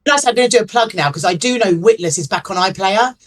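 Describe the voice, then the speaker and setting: A woman's voice: medium pitch, animated, fast talker. Actress guest, woman; casual, chatty, self-mocking interview talk. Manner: chatty, self-deprecating, laughs easily.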